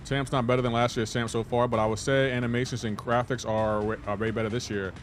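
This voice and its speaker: A man's voice: mid-range voice, flat delivery, fast talker, soft background music. A man streaming a game live, chatting casually and playfully indignant as he banters with his chat.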